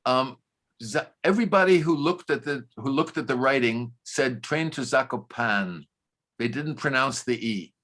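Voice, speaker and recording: An older man from New York talks over a video call, at a middling pitch. He is chatty and informal, and he breaks off his sentences and restarts them while answering questions about his work. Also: moderate pace, a bit bright. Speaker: film director and playwright guest. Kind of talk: casual Q&A answers.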